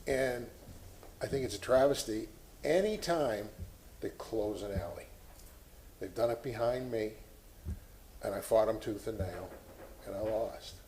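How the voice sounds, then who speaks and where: A man's voice: lowish voice, measured pace, long pauses, a little mellow, reverberant, a little hiss or hum, rough recording. Impassioned man at a board meeting. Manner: impassioned, preachy. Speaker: board member. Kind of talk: public meeting remarks. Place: city meeting room.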